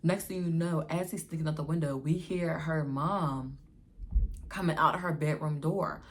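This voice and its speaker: Low-voiced woman telling a lively story. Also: normal speed, a little hiss or hum. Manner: animated, slangy storytelling, acting out quotes. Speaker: vlogger. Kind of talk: casual storytime.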